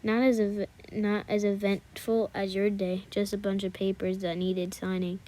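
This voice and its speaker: A gentle young prince with a soft, weary voice, as a woman reads him aloud. His tone stays mellow and fairly flat, quiet and tender throughout. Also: mid-range voice, normal speed, close to an everyday voice.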